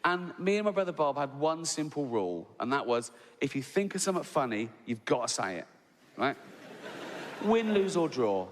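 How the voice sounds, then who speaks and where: A man's voice: fairly high pitch, very animated, moderate pace, long reverb tail. A man telling stand-up stories, conversational and tagging lines with "right?". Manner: conversational, peppers lines with "right?", laughs at own jokes. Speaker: stand-up comedian. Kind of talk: stand-up storytelling.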